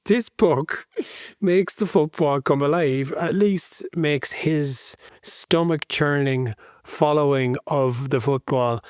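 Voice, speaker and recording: A man's voice: mid-range voice, darkish tone, no echo, clean studio sound. A man co-hosting a football book podcast, speaking with earnest enthusiasm and thinking aloud as he goes. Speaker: podcast co-host. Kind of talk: casual book-club chat.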